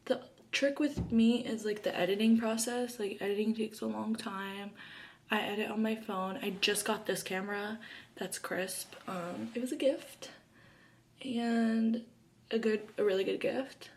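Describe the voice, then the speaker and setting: A woman's voice: medium pitch, steady tone, measured pace. Chatty young woman, like-filled talk. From Arizona, USA. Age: early 20s. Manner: chatty and bubbly, heavy use of "like" fillers. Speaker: YouTuber. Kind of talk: casual get-to-know-me chat while doing makeup.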